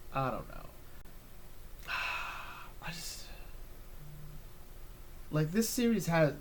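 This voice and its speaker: A man's voice: a little high, a little hiss or hum. A man chatting casually as he reviews an episode, rambling with many fillers and restarts.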